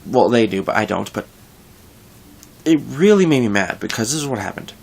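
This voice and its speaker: A young man with a gravelly, low-pitched voice talks casually to his viewers. He rambles and corrects himself as he vents his frustration about work, in an unscripted vlog rant. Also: animated, normal speed. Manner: frustrated, rambling, with frequent restarts. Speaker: vlogger.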